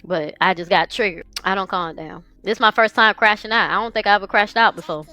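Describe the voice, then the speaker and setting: A woman's voice: medium pitch, quick pace, bright, forceful tone, no echo. A woman streamer venting through tears, swearing heavily, speaking. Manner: crying, swearing, raw. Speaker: live streamer. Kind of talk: emotional livestream rant.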